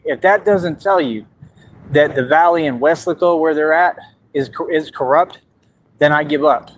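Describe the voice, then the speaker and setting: Male streamer, slightly high voice, animated ranting, faint hiss in the background. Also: moderate pace, low-quality recording. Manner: animated, talks to an absent rival. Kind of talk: casual livestream rant. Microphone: streaming mic.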